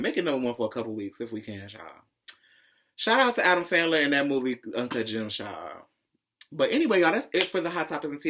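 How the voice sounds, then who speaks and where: A man hosting a pop-culture commentary vlog, talking in a sassy, profane, opinionated way and jumping higher in pitch when excited. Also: slight background noise. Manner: profane, sassy, calls viewers "child"; opinionated ranting, swings high when excited. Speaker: vlog host.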